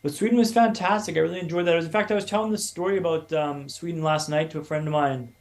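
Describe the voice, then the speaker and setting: A man in his thirties from Canada, a podcast guest telling his own story in a lively, casual way and acting out other people's lines. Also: fairly high pitch, quick pace. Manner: animated storyteller, acts out quoted voices.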